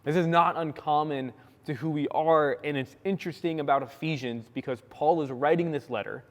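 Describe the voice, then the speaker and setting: Young man, sermon, animated storytelling, slightly high voice, long church reverb. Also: normal speed. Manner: animated storytelling, acting out quotes, many likes. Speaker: pastor. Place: church sanctuary.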